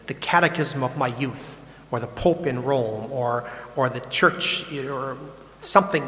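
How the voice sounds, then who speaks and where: A man's voice: mid-range voice, fairly bright tone. Older male priest, conversational sermon, frank and offhand, long reverb of a big hall. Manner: casual, frank, repeats words, mocks complaints.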